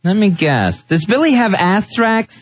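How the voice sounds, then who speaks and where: A man co-hosting a radio show, his high voice swooping up and down as he jokes and giggles through casual banter. It comes through a dull, lo-fi recording. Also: big pitch swings, unhurried, no echo.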